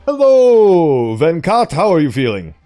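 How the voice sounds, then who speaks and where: Man voicing a calm, gentle psychologist. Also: on the high side, measured pace, faint music behind. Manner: gentle, soothing questioning. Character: calm, patient male clinical psychologist.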